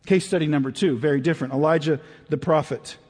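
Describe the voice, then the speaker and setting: Husky high-voiced man preaching. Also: fast talker. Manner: conversational, swings between animated and hushed. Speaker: pastor. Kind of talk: sermon. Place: church sanctuary. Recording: reverberant hall.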